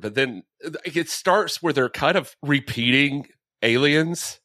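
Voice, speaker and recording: A man co-hosting a casual film podcast, animated and quick to laugh. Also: fairly high pitch, no room sound, studio quality. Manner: animated, laughs easily, acts out quotes. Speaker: podcast co-host.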